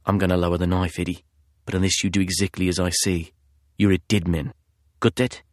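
A man voicing a menacing male intruder with a husky voice and a British-sounding accent. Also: sits low, little pitch movement, a little fast, no room sound, studio quality, natural voice.

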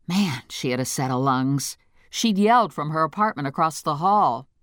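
A woman narrating a story in the first person with a wry, deadpan comic delivery. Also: low-pitched, moderate pace, no room sound, studio quality. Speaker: audiobook narrator.

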